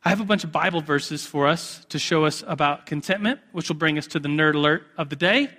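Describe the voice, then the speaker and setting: A man's voice: fairly high pitch, a little fast, sharp tone. A man, preaching a sermon in a casual, chatty way full of restarts. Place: church sanctuary. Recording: echoey hall.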